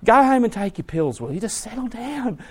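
A man's voice: extremely high pitch, big pitch swings, brisk, husky, pitched above the performer's own voice, heavily acted. A man voicing a young grown man woken in the night who scoffs and laughs at his father's warning. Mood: scoffing.

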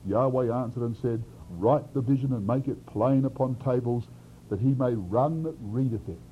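A man preaching an expository sermon, swinging from loud emphasis to quiet asides. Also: medium pitch, moderate pace, a little hiss or hum. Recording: dull lo-fi sermon recording.

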